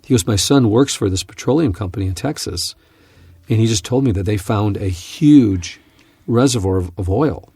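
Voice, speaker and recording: Gravelly, low-voiced male Bible teacher. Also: normal speed, no echo. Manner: earnest, animated storyteller with frequent restarts. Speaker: Bible teacher and podcast host. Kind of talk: conversational teaching with storytelling.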